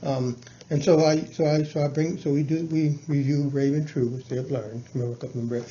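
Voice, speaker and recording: A man explaining his teaching plans to a colleague in a halting, casual way, full of fillers and restarts. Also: fairly even intonation, mellow. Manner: halting, many restarts and fillers, breaks into chanted syllables and sung verses. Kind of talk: casual explanatory talk on lesson planning. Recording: dull low-fi with faint background noise.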